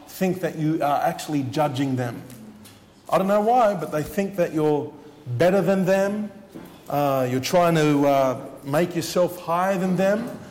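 A man's voice: a little high, a little mellow, in a large hall. A man preaching a sermon as he shares his testimony, earnest and repeating his words for emphasis.

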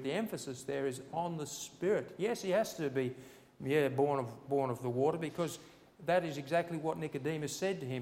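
A man preaching a sermon and reading scripture, fervent and building to loud, emphatic passages. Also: a little high, normal speed. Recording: long reverb in a large hall.

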